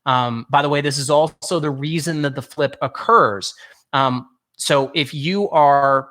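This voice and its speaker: With a fairly high, bright, forceful voice and an unhurried delivery, a man teaches a singing workshop as a vocal coach. He explains patiently, speaks straight to his listeners, and frequently stops to correct himself partway through words.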